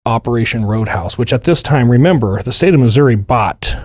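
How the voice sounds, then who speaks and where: A man's voice: medium pitch, fairly quick, slightly rough, dry recording, studio quality. A man co-hosting a true-crime podcast, telling a story in casual chat and acting out the people he quotes. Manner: animated retelling, acts out quotes in a raised voice. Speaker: podcast co-host.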